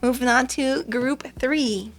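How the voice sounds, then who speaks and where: A woman's voice: sits high, slow. A woman doing a casual pick-a-card tarot reading, chatty and rambling, with frequent ums. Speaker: tarot reader.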